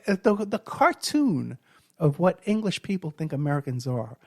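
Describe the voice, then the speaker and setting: Clean and dry, this studio recording features a middle-aged man whose voice sits on the high side, creaky and darkish, with big pitch swings at a normal speed. Hosting a radio show, he tells rambling stories in a monologue, filling it with fillers and restarts.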